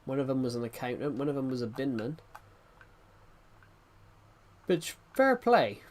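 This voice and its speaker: A man's voice: medium pitch, steady tone, very fast, dark tone. A man chatting casually on a live stream, rambling and often restarting his sentences as he answers chat. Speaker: livestreamer reading chat.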